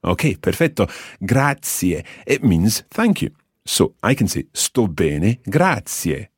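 Very deep-voiced, lively male teacher. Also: breathy edge, no room sound, studio quality. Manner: patient, explanatory, models words slowly. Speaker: language teacher and host. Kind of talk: scripted language lesson.

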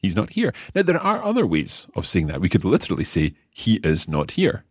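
Male teacher, low husky voice, lively intonation, patient step-by-step explainer. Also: a little fast, dry recording, clean studio sound. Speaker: language teacher. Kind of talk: podcast language lesson.

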